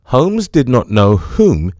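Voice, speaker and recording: A man giving scripted first-person audiobook narration in an expressive, storytelling manner. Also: mid-range voice, slow pace, no room sound, studio quality.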